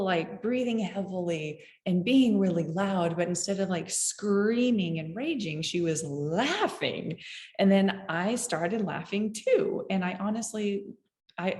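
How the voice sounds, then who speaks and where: Woman, parenting host, reflective personal story, low-pitched voice, roomy echo. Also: a little mellow. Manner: candid and musing, often chuckling at herself.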